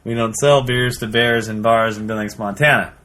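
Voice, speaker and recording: A man voicing a stubborn male bartender in a joke, insistent and repeating himself, pitched a little higher. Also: steady tone, normal speed, fairly bright tone, slight background noise, lightly acted.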